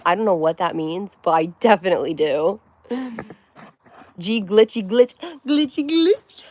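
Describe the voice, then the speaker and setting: A woman's voice: mid-range voice, vocal fry, darkish tone, no room sound. Rambling young woman streamer, dry sound. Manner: rambling, reads chat aloud, swears freely. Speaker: livestream host. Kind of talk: casual livestream chat with viewers.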